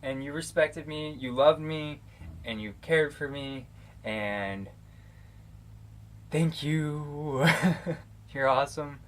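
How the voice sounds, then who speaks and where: A slightly high-voiced American man takes his time and pauses often, with slight background noise behind him. Living in Arizona, this vlogger talks straight into his camera mic in casual shout-outs, rambling and warm with frequent fillers and restarts.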